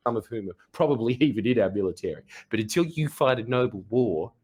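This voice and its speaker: A man narrates a commentary video, mocking and brash. His voice sits at a middle pitch. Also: animated, quick pace, darkish tone, husky.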